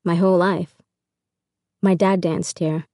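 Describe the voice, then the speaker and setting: A woman's voice: on the low side, little pitch movement, unhurried, mellow, no room sound, studio quality. A woman voicing an easygoing teenage ballet boy. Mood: friendly.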